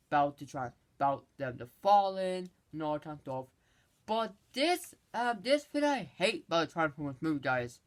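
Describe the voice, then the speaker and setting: Movie reviewer rambling thru a plot recap, keeps restarting, gets all worked up. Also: medium pitch. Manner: rambling, halting retelling with many restarts; excitable, exasperated asides.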